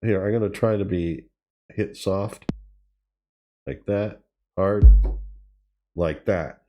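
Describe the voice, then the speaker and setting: A man with a deep, very dark and mellow voice hosts a casual tutorial. He thinks aloud as he goes, pausing and correcting himself. Faint drum machine hits play under his talk. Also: faint music behind. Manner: thinking aloud, halting, with fillers and self-corrections. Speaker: tutorial host. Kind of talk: casual demo while playing. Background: drum machine sounds he is playing.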